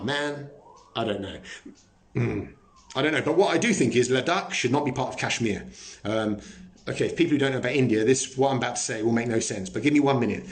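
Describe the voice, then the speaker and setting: A man hosting a live stream, chatting casually, joking and swearing as he answers viewer comments. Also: medium pitch.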